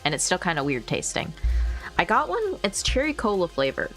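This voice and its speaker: A woman streams in casual chat on a new microphone, her voice sitting a little low. She rambles from thought to thought, laughs often and swears casually, with faint music underneath. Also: wildly swooping pitch, brisk, fairly bright tone. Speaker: livestreamer. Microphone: new desk microphone.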